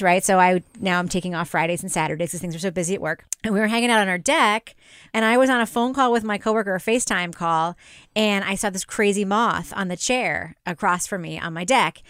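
A woman's voice: medium pitch, a little fast, clean tone, no echo, studio quality. A woman in her forties co-hosting a podcast, chatting casually, laughing often and telling stories with animation. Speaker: podcast co-host.

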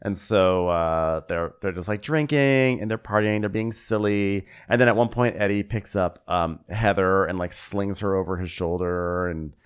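A man's voice: low voice, normal speed, few pauses, clean tone. A man co-hosting a comedy podcast, recapping a reality show with dry, rambling jokes. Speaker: podcast co-host.

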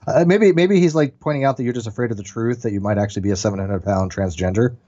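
A man in casual chat who jokes quickly and stammers. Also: medium pitch, warm tone, dull audio.

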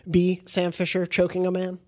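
A man hosting a podcast in casual chat, moving through news items with a steady delivery and fillers. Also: high voice, normal speed. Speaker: podcast host.

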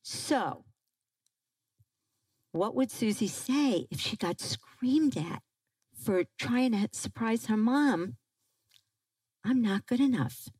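A woman giving a parenting talk to a live audience, animated and asking the crowd questions. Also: medium pitch, breathy edge, no echo, low-quality recording. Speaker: parenting speaker.

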